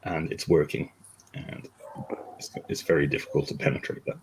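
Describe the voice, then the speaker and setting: A man who moderates a stream, speaking in a measured, opinionated way with dry asides. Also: very deep voice, level tone, slight background noise, low-quality recording. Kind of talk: casual panel chat.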